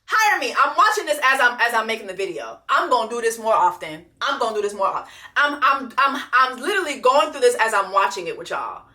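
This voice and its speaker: Reaction host, woman; high, lively, bright, blunt and profane. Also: fast talker, few pauses. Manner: blunt, profane and animated, repeating lines for emphasis. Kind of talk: unscripted reaction commentary.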